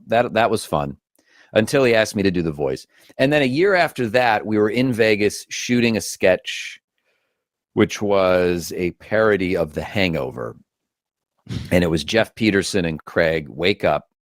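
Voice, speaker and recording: A man's voice: fairly low pitch, lively intonation, measured pace, dry recording, studio quality. A man, an actor and comedian, telling stories as a guest in a casual interview, acting out quotes with shifting voices.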